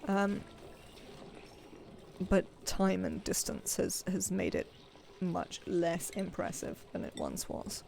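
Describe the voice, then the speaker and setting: A woman's voice: fairly low pitch, very animated, slow pace, gravelly, a little mellow, a little hiss or hum. A woman, chatting and rambling to herself as she plays a game on a live stream. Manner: chatty, rambling self-talk while playing.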